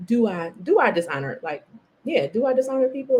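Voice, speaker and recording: A woman's voice: on the high side, big pitch swings, brisk, darkish tone, muffled recording, a little hiss or hum. A woman hosting a faith podcast, chatting casually and self-mockingly while reading from a devotional. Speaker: podcast host.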